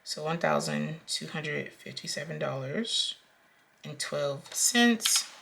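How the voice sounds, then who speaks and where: A woman's voice: low voice, lively intonation, takes it slowly, creaky, noisy background. A young woman talking casually through her budget as a vlogger, counting out amounts aloud with frequent ums. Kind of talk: casual talk-through while cash stuffing.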